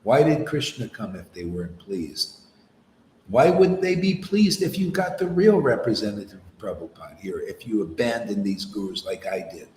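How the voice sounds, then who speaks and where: Animated man preaching in an echoey room. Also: on the low side, moderate pace, a little hiss or hum. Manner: animated, mocks opponents in put-on voices. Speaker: spiritual teacher. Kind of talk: informal sermon.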